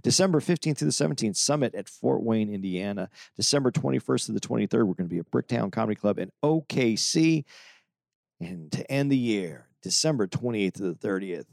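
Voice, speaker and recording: A low-voiced man with a creaky edge, co-hosting a comedy podcast in a rambling, filler-heavy way. His pitch moves a lot, and the sound is dry and close. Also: animated, fairly quick, darkish tone, no room sound. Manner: rambling, trailing fillers, reads tour dates. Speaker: podcast co-host and touring comedian. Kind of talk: casual comedy chat.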